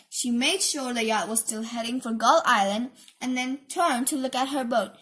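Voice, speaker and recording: A woman reading a children's storybook aloud, expressive, with asides about the pictures. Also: a little high, moderate pace, few pauses.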